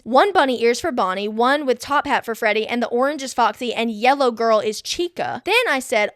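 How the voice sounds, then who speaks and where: A young woman hosting a podcast, reviewing a movie from her notes in an excitable, gushing way and laughing often. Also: on the high side, normal speed, no echo, clean studio sound. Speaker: podcast host.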